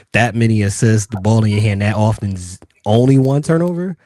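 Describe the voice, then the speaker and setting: Low-voiced man asking the questions, dry sound. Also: moderate pace, darkish tone, dry recording. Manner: asks questions, teasing. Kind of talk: casual sports chat.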